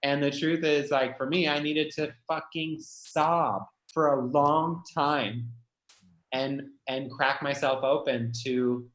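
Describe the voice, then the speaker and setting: A man's voice: fairly high pitch, fairly even intonation, takes it slowly, fairly bright tone, roomy sound, low-quality recording. A man speaking as a guest, telling his own story candidly and emotionally, full of "like" and the odd swear word. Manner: emotional, confessional, heavy filler "like", swears.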